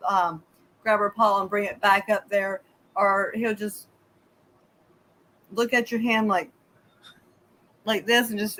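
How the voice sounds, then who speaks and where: A woman's voice: mid-range voice, rough recording. A woman co-hosting a casual livestream, telling a rambling story and acting out her dog's reactions in little voices. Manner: rambling, animated, acts out the dog in voices. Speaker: co-host of a homestead livestream. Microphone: video call.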